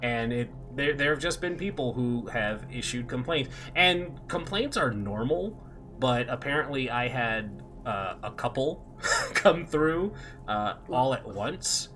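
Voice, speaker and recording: A man's voice: medium pitch, unhurried, soft background music. A man chatting casually and telling a work story with laughs, his voice sounding curt, short and a little sarcastic, with a barking, drill-sergeant edge. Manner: animated storyteller who laughs between lines. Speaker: airport security officer telling a work story. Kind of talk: casual chat among players.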